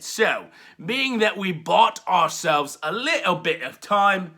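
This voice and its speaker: Gravelly, bright, lively-pitched rowdy man. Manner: rowdy, crude, laughs at his own jokes; stretches out punchlines in a drawn-out holler. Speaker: wrestling show reviewer. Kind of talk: comedic wrestling recap.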